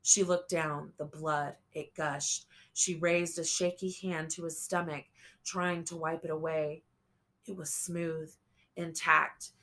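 A woman reading a novel aloud as an audiobook narrator, slow and measured. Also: low-pitched, flat delivery, sharp tone. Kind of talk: scripted narration.

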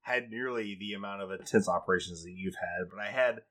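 A man's voice: lowish voice, a little fast. A man co-hosting a podcast, chatting casually, laughing often and swearing freely. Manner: laughing, animated, swears freely, does silly impressions. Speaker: podcast co-host. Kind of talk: casual chat recapping a TV show.

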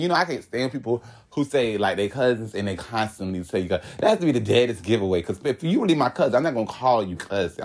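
A young man from Florida telling a story in casual chat, animated and laughing as he goes. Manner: animated and laughing, swoops high when excited. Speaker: guest telling his story.

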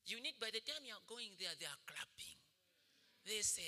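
High, lively pastor preaching. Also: male voice, moderate pace. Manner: animated storytelling, laughing often. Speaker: senior pastor. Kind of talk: sermon. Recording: echoey hall reverb.

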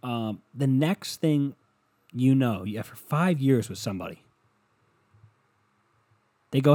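Husky-voiced man rambling on a podcast. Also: medium pitch, animated, measured pace, pauses often, warm tone. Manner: crude, rambling, self-deprecating, acts out voices. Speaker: podcast host. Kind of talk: rambling solo comedy podcast.

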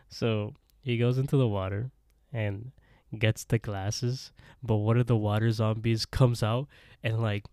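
A man with a low, mellow voice recaps a show episode for his podcast co-host, rambling along and slipping into the characters' lines. The sound is dry and close. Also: steady tone, takes it slowly, no echo. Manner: rambling, laughing, acting out quotes. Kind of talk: casual recap chat.

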